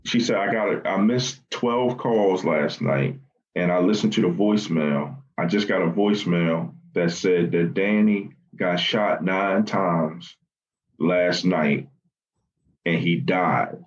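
A very low-voiced man with a Baltimore accent tells his story in a halting, conversational way, full of fillers and restarts. He often slips into quoting the people he spoke with. The podcast audio sounds a little dull. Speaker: guest recounting family loss. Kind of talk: personal storytelling in a podcast interview.

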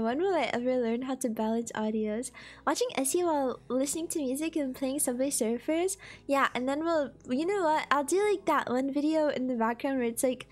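High-pitched congested woman streamer. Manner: playful, giggly, teasing the chat. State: stuffy, congested nose. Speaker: live streamer. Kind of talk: casual live-stream chat. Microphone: desk microphone.

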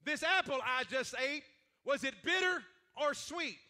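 This is a quoted old preacher, plain-spoken and unhurried, as a man retells his words. The voice sits very high and sounds strikingly bright. He speaks in a simple, folksy way. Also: animated, exaggerated voice. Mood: calm.

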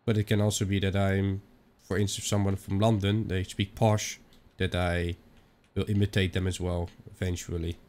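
A young Dutch-accented man talks his way through a game, rambling from one aside to the next. He swears casually. His voice sits a little low. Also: level tone, normal speed, darkish tone. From Netherlands. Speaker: gaming channel host. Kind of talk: let's-play commentary.

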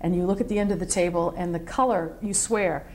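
With slight background noise behind her, a middle-aged woman recounts her time in the military for an oral history, her voice on the low side and fairly quick. She's a spirited, digressive storyteller who reenacts other people's words.

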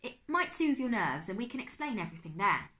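A nervous, very polite boy who stammers his apologies, as a woman reading a storybook aloud puts him on. His lines jump up high and bright. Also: sing-song, a little fast.

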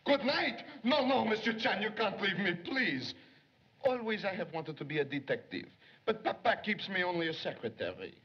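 An eager young secretary dreaming of detective work, his slightly husky voice leaping up and down. He talks in flustered, theatrical bursts. The sound is muffled and lo-fi, from an old film. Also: high voice, moderate pace, full character voice. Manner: flustered and excitable, tumbling into theatrics. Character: eager, excitable young male police secretary. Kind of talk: 1930s film acting. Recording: dull lo-fi 1930s film soundtrack.

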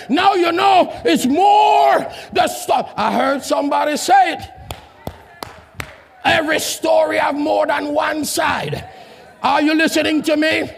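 Shouting high-voiced preacher, echoing church hall. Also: male voice, steady tone, slow, vocal fry, a faint crowd, a little hiss or hum. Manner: shouting, call-and-response preaching. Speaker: pastor. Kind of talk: sermon. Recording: long hall reverb, congregation faint.

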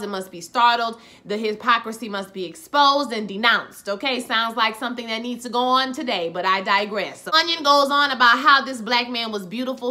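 A woman giving a casual, animated recap of a TV episode, talking in slang straight to her viewers. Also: fairly high pitch. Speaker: TV episode reviewer.

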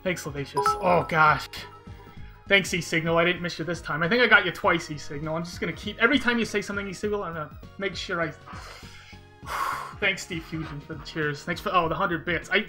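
A speedrun streamer at home, talking excitedly on a live stream, sighing often and thanking viewers one by one. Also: medium pitch, a little fast, soft background music. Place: room at home with a window.

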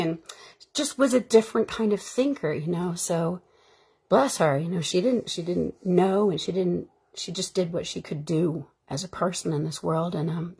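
A woman's voice: on the low side, breathy edge. A woman who is an actor, chatting casually on her live stream in a rambling, heartfelt way. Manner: rambling, heartfelt and chatty, with frequent fillers and bursts of laughter.

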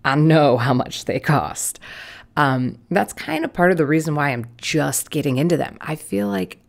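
A young woman, a little hoarse, chatting casually and playfully with jokey asides while she draws. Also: low-pitched, big pitch swings, normal speed. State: slightly hoarse. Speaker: art vlogger. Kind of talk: casual commentary while drawing.

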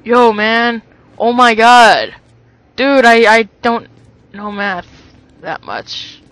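A man's voice: extremely high pitch, expressive, takes it slowly, fairly bright tone, clean tone, no echo. A man doing let's play commentary over a horror game, switching between jokey asides and panicky yelps. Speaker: gaming commentator.

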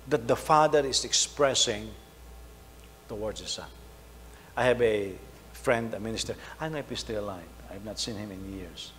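A middle-aged man, preaching a sermon, telling a story and swinging between loud emphasis and soft asides. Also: lowish voice, moderate pace. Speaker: pastor. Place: church hall. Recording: faint hum, long hall reverb.

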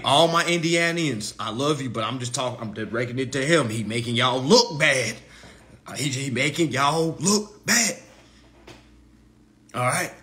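Taunting, animated man in his thirties. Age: 30s. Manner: mocking, taunting, profane; swings between loud jeers and low mutters. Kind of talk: roast monologue to camera.

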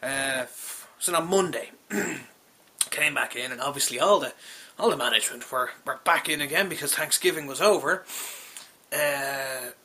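A man's voice: medium pitch, a little slow, bright, forceful tone, breathy edge. A young Irish man who works in a call centre, telling a rambling, exasperated, profane anecdote with lots of restarts. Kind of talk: casual spoken anecdote.

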